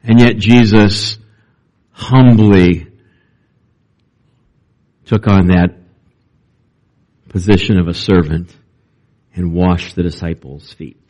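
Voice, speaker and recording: A man preaching a sermon as pastor, reading scripture and talking it through with lively emphasis. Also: takes it slowly, pauses often. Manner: animated, acts out quoted voices with rising pitch.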